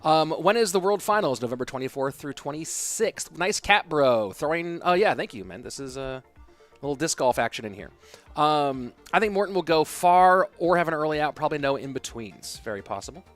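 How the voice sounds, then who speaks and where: A man in his thirties casting an esports stream, his voice sitting a touch high. He talks in a loose, conversational way and thinks aloud as he answers viewers. Quiet music plays underneath. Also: expressive, fairly quick. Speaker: esports caster. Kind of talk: casual stream chat reading viewer questions.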